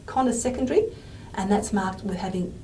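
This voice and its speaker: A woman's voice: medium pitch, expressive, fairly quick, dark tone, slight background noise. A woman giving a pre-recorded linguistics lecture, thinking aloud and dropping to a murmur as she writes on the board. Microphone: microphone she wears.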